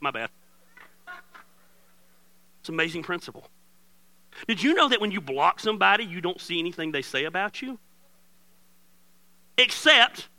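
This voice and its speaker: Middle-aged guy pastor preaching, jokey and candid, gets loud then quiet, kinda high bright voice. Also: dry recording. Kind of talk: sermon.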